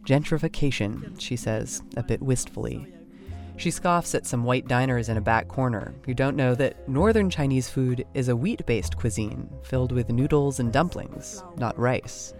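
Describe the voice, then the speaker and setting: Man, podcast host, scripted narration, measured, descriptive, mid pitch. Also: darkish tone, soft background music.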